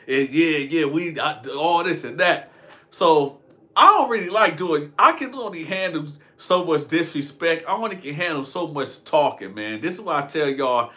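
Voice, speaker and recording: A man's voice: a little high, animated, measured pace, sharp tone. A young man telling a rambling, slangy prison and street story to his viewers, often laughing at himself. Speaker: storytelling vlogger. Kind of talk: casual storytime monologue.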